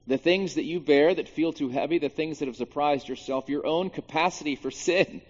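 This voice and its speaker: A man, a pastor, preaching a sermon in an animated way, swinging between hushed and loud moments, with jokey asides. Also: fairly high pitch, normal speed. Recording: dull sound with long reverb in a large hall.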